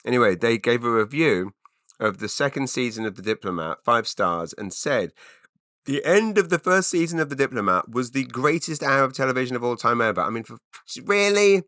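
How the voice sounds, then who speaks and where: A man's voice: mid-range voice, lively intonation, a little fast, pushed and bright, dry recording, studio quality. A man, hosting a rambling solo podcast, full of wry asides and self-interruptions. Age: 40s. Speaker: podcast host.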